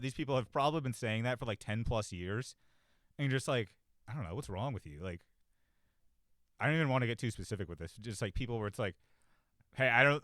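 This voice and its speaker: Man, casual rambling host, profane, lots of fillers, bright tone, cheap close mic. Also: lowish voice, no echo. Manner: rambling, profane, self-deprecating, many fillers. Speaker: podcast host. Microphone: cheap desk mic, close.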